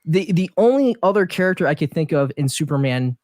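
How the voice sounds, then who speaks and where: Man, higher-pitched voice, dry close sound, casual podcast chat, questioning tone. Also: lively intonation, brisk, darkish tone, no room sound. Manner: questioning, laughs often. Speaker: podcast co-host.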